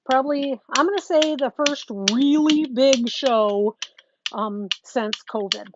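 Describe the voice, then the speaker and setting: A woman talks through a live quilting demonstration in a chatty, casual way, breaking off now and then to greet viewers. Her voice sits a little high. The recording is dull and lo-fi, with a faint hiss underneath. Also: fairly even intonation, takes it slowly. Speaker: quilting teacher. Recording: dull lo-fi sound with faint noise.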